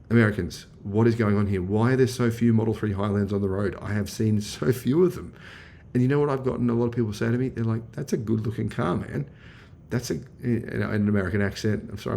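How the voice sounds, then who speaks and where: A lowish, gravelly voice with a dark, mellow tone. This Australian man talks up a car in a chatty, enthusiastic way, piling on fillers as he reviews it for his vlog. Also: a little hiss or hum. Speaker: car vlogger.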